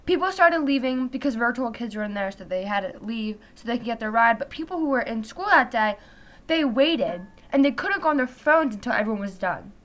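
Chatty high-voiced teen girl. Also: fairly quick. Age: teens. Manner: chatty, heavy use of "like", animated retelling. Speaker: vlogger. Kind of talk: casual storytime chat.

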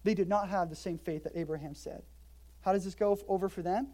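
A woman preaching in a church, her voice mellow and warm. She keeps a casual, conversational tone, drops joking asides, and leans in hard when she stresses a point. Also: fairly low pitch, quick pace. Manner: emphatic, lively delivery. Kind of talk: expository sermon. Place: church in Hawaii.

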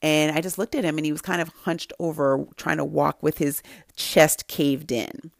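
A woman's voice: sits low, fairly even intonation, normal speed, gravelly, no room sound, clean studio sound. A middle-aged woman giving an earnest faith-based talk to mothers, telling a personal story with emphatic repetition. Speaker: Christian speaker to mothers.

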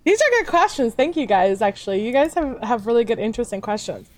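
A woman's voice: fairly high pitch, expressive, fast talker, no room sound. A woman guest, a VTuber, chatting casually and rambling with fillers and restarts. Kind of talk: casual chat.

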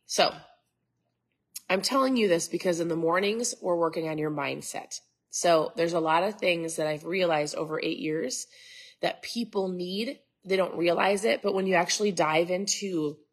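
A woman's voice: lowish voice, husky. A middle-aged woman from Minnesota hosting a casual live stream, chatting with viewers, greeting them by name and wandering into asides, with a stuffed-up nose. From Minnesota, USA. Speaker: host.

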